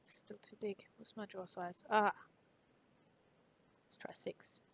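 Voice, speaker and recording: Soft-spoken woman with a creaky voice. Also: mid-range voice, little pitch movement, slow pace, in a whisper, low-quality recording. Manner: mutters quietly to herself while working, reading tool tips aloud; chats loosely with viewers in between. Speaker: live streamer. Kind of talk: casual live-stream chat while 3D modeling.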